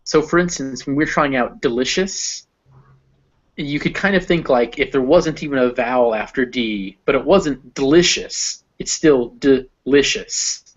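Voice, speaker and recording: In a one-on-one session, a male phonetics tutor patiently walks a student through pronunciation, explaining sounds and modeling words out loud. He speaks at a medium pitch and an unhurried pace, heard on a dull lo-fi recording.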